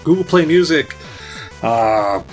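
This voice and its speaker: A man's voice: a little high, lively intonation, slow, faint music behind. Casual rambling male podcast host. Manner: loose, rambling, lots of fillers and restarts.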